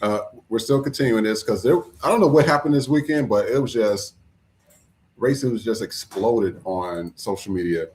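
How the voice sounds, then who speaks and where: A man's voice: lowish voice, normal speed. A man hosting a podcast, talking casually with fillers as he sets up the next segment. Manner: relaxed, fillers, introduces segments. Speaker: podcast host.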